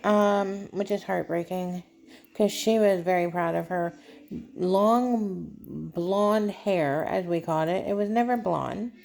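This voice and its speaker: A woman speaks slowly and haltingly to her viewers, with a gravelly, creaky edge to her voice. She sounds tearful and fights to keep from crying. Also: medium pitch, darkish tone. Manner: halting, emotional, trying not to cry. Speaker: vlogger. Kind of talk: personal vlog talk.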